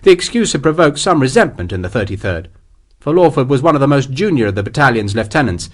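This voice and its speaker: A man narrating an audiobook with a measured, expressive storytelling manner. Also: medium pitch. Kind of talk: scripted narration.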